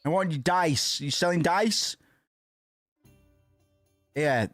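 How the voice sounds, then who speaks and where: A man commentating on his own gameplay, swearing often and getting frustrated, sometimes chanting words loudly. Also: fairly high pitch, takes it slowly, dry recording, soft background music. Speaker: gaming streamer. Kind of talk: casual let's play commentary.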